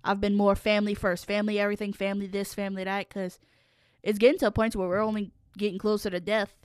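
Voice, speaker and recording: A young woman co-hosting a casual podcast chat, telling stories with loud acted-out quotes and plenty of swearing. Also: medium pitch, fast, clean tone, dry recording, clean studio sound. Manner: animated storytelling, swears freely, acts out quotes loudly. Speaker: podcast co-host.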